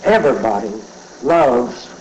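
A man's voice: medium pitch, big pitch swings, measured pace, dull audio, background noise. An older man emceeing a comedy roast, telling brash, profane jokes from a banquet dais. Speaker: roast master.

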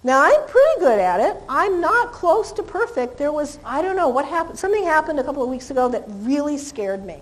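A woman dog trainer giving a seminar lecture to a live audience, animated and laughing, singing names in a high voice. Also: a little fast, hardly any pauses, rough recording.

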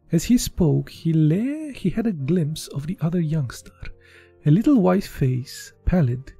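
A man's voice: a little high, warm tone, slightly rough, no room sound. A man from Eastern Europe doing a casual, unpolished live reading of a book, with slips and restarts. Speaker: audiobook reader.

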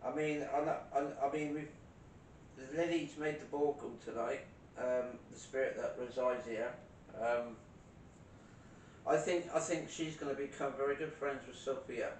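A man with a British accent hosting a paranormal livestream, chatty and teasing, laughing often. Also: moderate pace. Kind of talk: casual livestream chat. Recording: roomy, distant, faint rumble.

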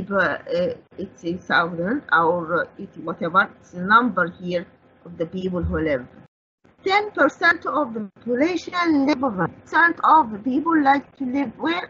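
A woman's voice: fairly high pitch, bright, forceful tone, slight background noise. A woman with an Egyptian accent, an Arabic speaker teaching an English vocabulary lesson, who asks and answers her own questions as she explains each word. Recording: dull lo-fi broadcast audio.

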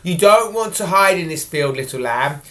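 A gentle, motherly storybook cow giving kindly advice, as a woman reads her out. The voice sits a little low. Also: expressive, normal speed, slight background noise.

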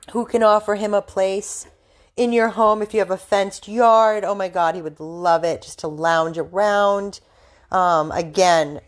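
An American woman volunteering with a dog rescue, speaking earnestly to viewers in an appeal video from a room at the rescue house. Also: mid-range voice. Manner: earnest, coaxing baby talk to the dog.

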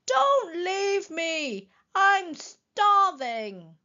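A woman voicing a playful young male elephant prankster who calls out in high, drawn-out pleas. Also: sing-song, sharp tone, muffled recording, exaggerated voice. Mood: wailing.

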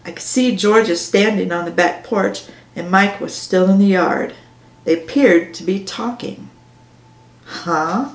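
Woman narrating her novel, roomy echo. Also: medium pitch. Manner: measured first-person storytelling. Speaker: author reading her own novel. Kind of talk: audiobook narration on camera.

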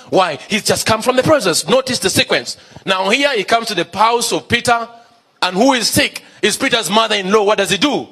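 Pastor, male, high husky voice, emphatic sermon delivery with lots of repetition and questions. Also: bright, forceful tone. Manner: emphatic, repeats key phrases, asks the congregation questions.

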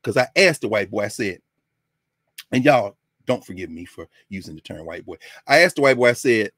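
An older man from Tennessee telling a personal story in a lesson, animated and acting out the people he quotes. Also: on the low side, a little fast, no echo, studio quality. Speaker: lecturer.

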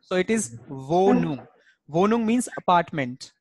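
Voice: mid-range voice, lively intonation, a little slow. A German language teacher gives an online class over a video call. The teacher drills each word's pronunciation patiently and repeats it.

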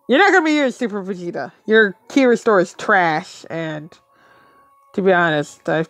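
A woman's voice: medium pitch, animated, normal speed, a bit bright, no room sound. A woman thinking aloud as she plays a mobile game, muttering to herself and laughing often in casual commentary.

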